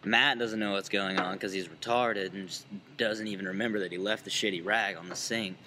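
A man's voice: on the low side, steady tone, a little fast, sharp tone, slight background noise. A young man on a casual podcast telling a crude story with lots of swearing and laughter.

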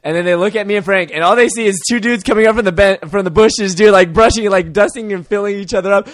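A man's voice: high voice, fast, dry recording, studio quality. A young man telling a story in casual chat, laid-back and saying "dude" often.

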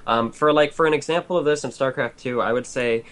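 A man's voice: mid-range voice, fairly bright tone. A man talking casually about games, blunt and profane, ranting in long run-on stretches. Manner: blunt, profane, rapid rants. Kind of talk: casual gaming chat.

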